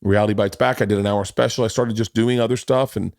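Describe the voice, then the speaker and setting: A man in his forties hosting a podcast, telling a long story in casual chat, animated and swearing, jumping into quoted voices. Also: fairly low pitch, fast, vocal fry, no echo, studio quality. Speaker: podcast host.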